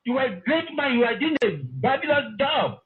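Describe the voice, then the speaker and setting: A man's voice: very high voice, lively intonation, brisk. A man calling in to a live show, earnest and effusive, repeating himself. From Nigeria. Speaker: caller. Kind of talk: phone call to a live show. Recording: tinny phone line.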